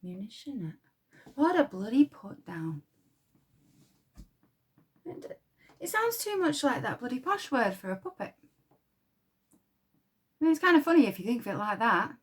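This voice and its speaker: A woman's voice: a little high, very animated, normal speed, pauses often, breathy edge. Woman acting as a cussing yorkshire munitions girl, blunt and scornful, proper stage monologue. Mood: defiant. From Yorkshire, England. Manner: coarse, swears freely, scornful. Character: blunt, defiant young wartime munitions girl. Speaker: munitions factory worker. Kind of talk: dramatic monologue.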